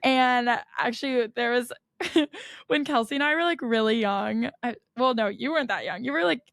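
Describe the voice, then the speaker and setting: Gravelly-voiced young American woman, chatty. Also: a little high, moderate pace, a bit bright, no room sound. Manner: chatty storyteller, frequent laughs and "like" fillers. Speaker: podcast co-host. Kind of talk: casual chat.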